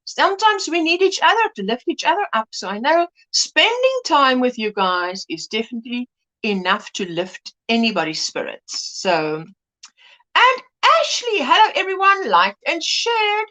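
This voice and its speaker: A woman chats away on her livestream, greeting one viewer after another by name and laughing often. Her voice sits high and swoops up and down with bright expression, like a friendly host chatting from her home setup. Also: sing-song, normal speed.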